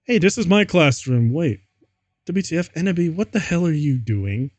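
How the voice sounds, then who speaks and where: A man's voice: on the high side, animated, moderate pace, darkish tone, no room sound, pitched above the performer's own voice. Dude voicing a whiny goth lady teacher, kinda raised and complaining.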